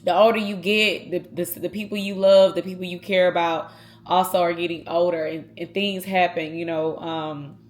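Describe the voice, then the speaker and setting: A woman talks to her viewers in a casual vlog. Her voice sits a little low, and she speaks earnestly and from the heart, addressing them directly. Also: fairly even intonation, moderate pace. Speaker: vlogger.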